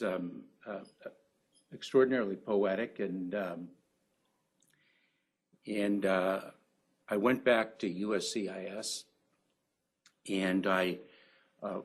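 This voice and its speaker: A man with a very deep, slightly husky voice gives reflective opening remarks at a conference. He speaks slowly and haltingly, with frequent ums and uhs.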